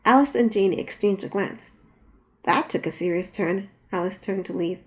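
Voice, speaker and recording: Woman reading her own novel aloud. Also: normal speed. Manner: reads dialogue with raised pitch and force. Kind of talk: audiobook narration.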